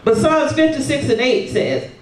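A woman's voice: high-pitched, moderate pace. Woman preaching in a roomy sanctuary. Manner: call-and-response, peppered with hallelujahs and amens. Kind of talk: sermon. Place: church sanctuary. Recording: roomy, distant sound from across a sanctuary.

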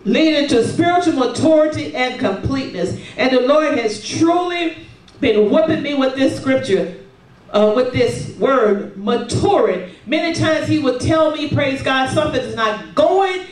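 A woman preaching a sermon, calling for responses and filling her pauses with hallelujahs and amens. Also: high-pitched, animated, a little mellow. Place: church sanctuary. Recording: roomy, distant sound from across a sanctuary.

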